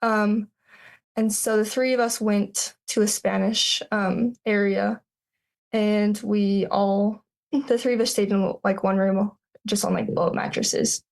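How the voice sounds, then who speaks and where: Young woman with a gravelly edge. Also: medium pitch, fairly even intonation, darkish tone. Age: 20s. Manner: halting, many fillers and restarts. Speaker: podcast guest. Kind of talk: personal storytelling in an interview.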